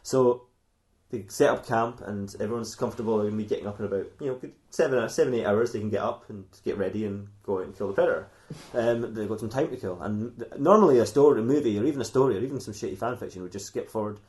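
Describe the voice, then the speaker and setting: A man's voice: lowish voice, quick pace, a little mellow. A man co-hosting a comedy podcast, telling a silly fan fiction story in a rambling way and laughing often at his own jokes.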